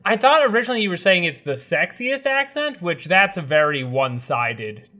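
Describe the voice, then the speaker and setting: A man's voice: high-pitched, animated, moderate pace, bright, forceful tone. A man from the greater Boston area, co-hosting a casual comedy chat with dry, conspiratorial jokes. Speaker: podcast co-host.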